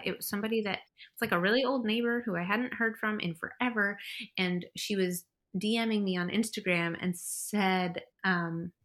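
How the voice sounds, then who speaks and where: A young, pregnant woman tells the story of her labor in casual, chatty fashion, laughing often and acting out the voices of other people. Her voice is medium in pitch with a fairly bright tone.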